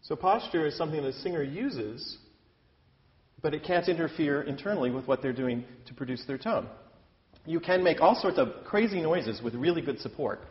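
A man's voice: on the high side, lively intonation, moderate pace. Man teaching opera in a hall. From Iowa, US Midwest. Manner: chatty, self-deprecating, talks with his hands. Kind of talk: lecture-demonstration. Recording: dull, hall reverb.

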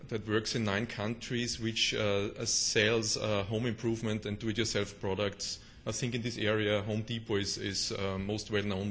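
A man's voice: on the low side, fairly bright tone, a little hiss or hum. A middle-aged man with a German accent giving a conference presentation, hesitant with many fillers and restarts. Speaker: conference speaker.

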